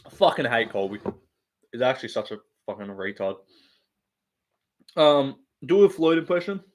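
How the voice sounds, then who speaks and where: A man's voice: medium pitch, big pitch swings, normal speed. A young man rambling casually and profanely on a live stream, laughing often and reading chat.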